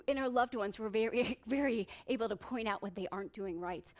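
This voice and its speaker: A woman's voice: fairly high pitch, fairly quick. A woman psychiatrist giving a motivational conference talk on stage, telling humorous stories and asking the audience rhetorical questions.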